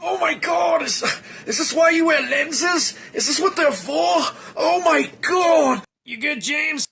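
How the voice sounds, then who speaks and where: Man doing a shrieking, gravelly bratty kid. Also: extremely high pitch, expressive, takes it slowly, bright, forceful tone, shouting, exaggerated voice. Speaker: skit character.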